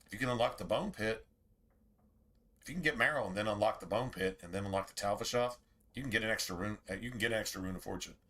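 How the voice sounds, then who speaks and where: A man's voice: fairly low pitch, fast, pushed and bright. A man streaming a game and chatting casually to his viewers, rambling and swearing freely. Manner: rambling, profane, talks straight to chat. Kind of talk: casual livestream chat.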